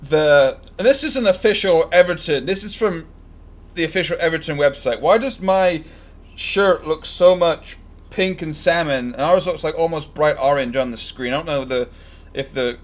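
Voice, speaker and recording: A man's voice: fairly high pitch, normal speed. A man chatting casually and joking while commenting live on a football match he is watching for his stream. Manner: chatty, joking, fan-biased predictions.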